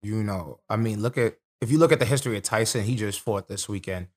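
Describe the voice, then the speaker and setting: Casually chatting on a podcast, a young man who is a professional fighter speaks fast in a lowish voice. He narrates fight stories animatedly, with a streetwise, profane edge.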